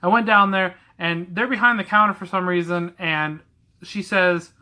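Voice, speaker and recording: Bright-voiced young man telling blunt stories. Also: high voice, fairly even intonation, normal speed. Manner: blunt, candid and rambling. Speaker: vlogger telling stories about a past retail job. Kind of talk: casual storytelling to camera.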